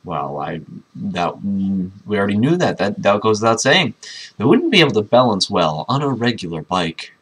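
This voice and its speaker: A man with a low, slightly husky voice reads a book aloud in a casual, unpolished way. He keeps stopping to poke fun at the text with dry, sarcastic remarks. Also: big pitch swings, moderate pace, fairly bright tone. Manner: sarcastic, mocking asides. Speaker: reader commenting on a book. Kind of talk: casual dramatic reading with commentary.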